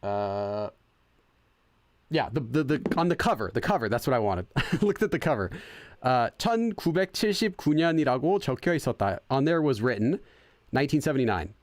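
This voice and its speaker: A man's voice: mid-range voice, sing-song, racing, darkish tone. A young man hosting a casual let's-play, chatting, laughing often and translating game text as he goes. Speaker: gaming channel host.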